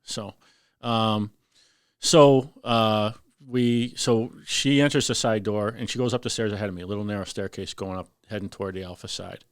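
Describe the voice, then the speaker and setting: Veteran fire lieutenant, fairly low voice, lively storyteller; dry studio sound. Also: male voice, moderate pace, clear, resonant tone, dry recording. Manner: animated, acts out voices in his story. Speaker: firefighter lieutenant guest. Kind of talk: casual storytelling on a podcast.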